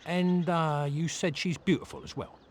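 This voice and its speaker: A man's voice: fairly high pitch, normal speed, slight background noise, close to an everyday voice. An actor playing a snarky, greedy male bard anti-hero in a video game, with dry, mocking quips. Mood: sardonic.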